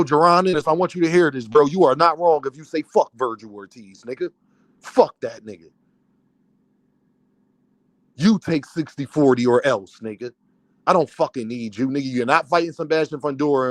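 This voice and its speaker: A man's voice: mid-range voice, no echo. Man, boxing streamer, angry rant, profane, worked up, dry recording. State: worked up and fuming. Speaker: boxing content creator. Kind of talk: livestream rant.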